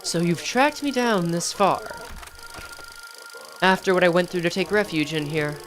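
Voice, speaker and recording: A woman's voice: on the low side, animated, unhurried, faint music behind. A woman reading a scornful hiding fugitive. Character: bitter hidden fugitive speaking through a machine.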